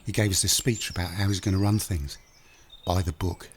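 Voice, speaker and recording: A man's voice: low-pitched, fairly even intonation, a little fast, slight background noise, lightly acted. An actor playing a dying old man who confesses a long-kept secret to his son in plain, blunt words. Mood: confessional. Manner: plain-spoken confessional storytelling. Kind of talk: audio drama storytelling. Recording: voice over music underscore. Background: music.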